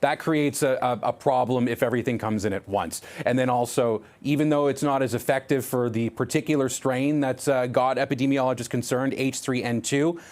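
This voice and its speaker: A man reporting live for a news broadcast, talking through the facts in an easy, explanatory way. His voice sits at an ordinary middle pitch, and he sometimes restarts a phrase as he thinks aloud. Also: steady tone, fairly quick, hardly any pauses, darkish tone.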